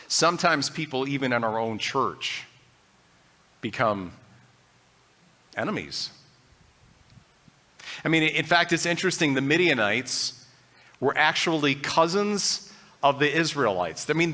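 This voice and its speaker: A man's voice: on the high side, animated, a little slow, long pauses, sharp tone. A man preaching a sermon as pastor, speaking earnestly and conversationally and acting out people's doubts in his own voice. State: briefly choked up.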